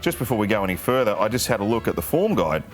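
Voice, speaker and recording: An Australian man co-hosting a casual chat, teasing his mates with quick reactions. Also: fairly low pitch, sing-song. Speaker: podcast co-host. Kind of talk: casual banter.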